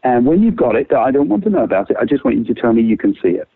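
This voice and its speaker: Male creativity trainer, lively and casual, dry phone-quality sound. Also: very fast, husky, no echo. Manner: lively, swings pitch widely, casual swearing. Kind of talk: animated explaining with quick exercises.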